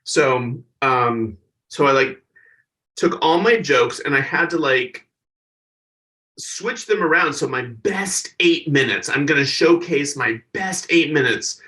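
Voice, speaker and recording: Picked up on a distant mic, a stand-up comedian with a voice on the high side talks at a slow pace during a casual interview. As a guest, he tells animated stories and acts out each person he quotes.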